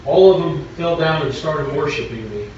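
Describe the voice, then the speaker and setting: A calm, certain young missionary girl, as a preacher puts her on speaks simply and earnestly in a lifted voice. The sound is dull and echoes around a big hall, picked up from well back. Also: sits low, moderate pace, distant mic, a little hiss or hum.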